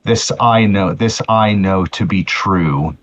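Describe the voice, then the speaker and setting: A man's voice: deep voice, slow pace, fairly bright tone, slight background noise. A man voicing an earnest pony healer with a solemn manner who often restarts his phrases, in a tabletop game. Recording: muffled lo-fi audio.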